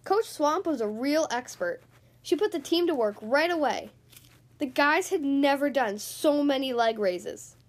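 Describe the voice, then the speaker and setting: A woman reading a children's picture book aloud with expressive, animated storytelling. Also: high voice, a little slow. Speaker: storybook reader.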